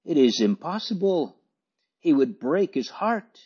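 A man's voice: mid-range voice, expressive, slow, warm tone, breathy edge. A man reading an audiobook, voicing a distressed, polite young lad who speaks hastily and stammers. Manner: stammering, hasty. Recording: dull lo-fi recording.

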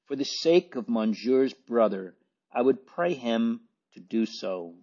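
A man's voice: medium pitch, lively intonation, takes it slowly, darkish tone. A man reading an audiobook, voicing a tactful, courteous middle-aged baker who entreats politely. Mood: entreating. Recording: dull lo-fi recording.

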